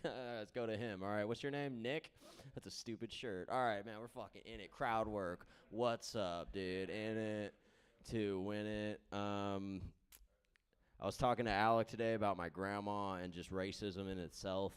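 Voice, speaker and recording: A young male stand-up comic on a club stage, talking into a handheld mic. His voice sits a little low and sounds smooth and clean, and he rambles loosely, leaning on fillers and tagging lines with "all right?" as he riffs on the crowd. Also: animated, moderate pace. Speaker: stand-up comedian. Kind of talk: stand-up set with crowd work.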